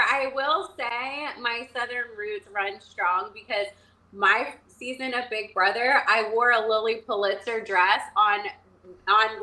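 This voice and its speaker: A woman's voice: on the high side, pushed and bright, rough recording. A young woman from North Carolina chatting as an interview guest, full of "like" and acting out little quotes as she tells stories. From Charlotte, North Carolina. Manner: chatty, lots of "like", acts out quotes. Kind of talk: casual interview chat.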